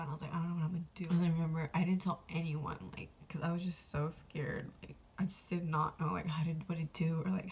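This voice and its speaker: Creaky low-voiced young woman vlogger. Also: darkish tone, a little hiss or hum. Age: young adult. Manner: rambling, filler-heavy, emotional retelling. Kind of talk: casual storytelling to camera.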